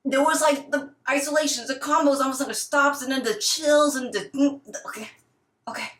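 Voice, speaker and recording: A woman in her thirties, a retired dancer, reviewing a dance video in a casual, excitable way with gasps and rambling asides. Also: sits high, fairly quick, echoey room. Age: 30s. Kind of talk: casual reaction commentary.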